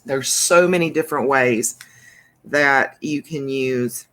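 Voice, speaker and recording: Brief: female craft demo host, relaxed slow pace, chatty and full of fillers. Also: a bass voice. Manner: chatty, rambling, with many fillers and restarts. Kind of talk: casual crafting demonstration.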